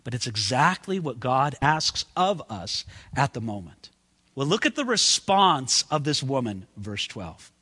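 A man preaching a sermon in an animated way, acting out the voices in the story he tells. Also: mid-range voice, unhurried, slightly rough, long reverb tail. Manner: animated, acts out quoted voices.

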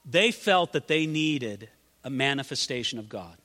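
A high, bright male preacher delivers a sermon in a big hall with a long reverb tail. His voice climbs to ringing exclamations, then drops to hushed, intimate lines. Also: very animated, fairly quick. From California. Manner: dramatic, swings from loud exclamations to hushed near-whispers. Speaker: pastor.

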